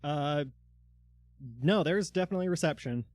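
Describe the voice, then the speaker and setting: A man's voice: on the high side, moderate pace, a little mellow, dry recording, clean studio sound. A man narrating a tabletop game as dungeon master, in loose narration full of fillers.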